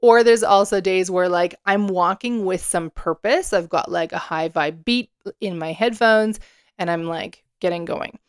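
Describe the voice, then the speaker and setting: A woman in her thirties hosting a casual solo podcast, chatty and animated, swearing casually as she talks. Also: lowish voice, measured pace, clear, resonant tone, no room sound, clean studio sound. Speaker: podcast host.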